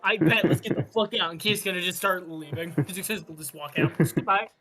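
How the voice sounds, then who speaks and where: A man voices an awkward, blunt young guy in a tabletop role-play, casual and foul-mouthed, with a voice pitched on the high side for a man. Music plays clearly in the background. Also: a little fast.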